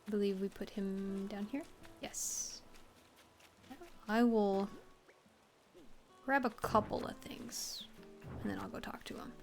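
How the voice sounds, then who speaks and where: A woman's voice: mid-range voice, steady tone, slow, gravelly, pauses often, faint music behind. A woman casually chatting while she streams a video game, rambling, joking and swearing as she plays. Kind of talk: casual gameplay commentary.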